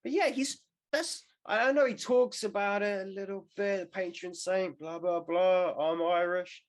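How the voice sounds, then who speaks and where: A man's voice: high voice, moderate pace. A young man co-hosting a podcast in casual chat, rambling and swearing with jokey asides. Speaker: podcast co-host.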